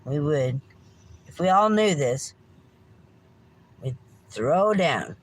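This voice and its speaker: Slow-talking woman ranting casually. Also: deep voice, expressive, a little hiss or hum, low-quality recording. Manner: slow, meandering, apologetic, swearing. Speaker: livestream host. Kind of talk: casual livestream rant.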